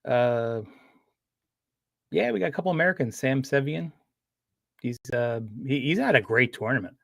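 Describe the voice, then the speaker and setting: A man's voice: medium pitch, expressive, normal speed, creaky, a bit bright, no room sound, studio quality. A man chatting casually on a livestream, rambling with frequent restarts and fillers. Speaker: streamer.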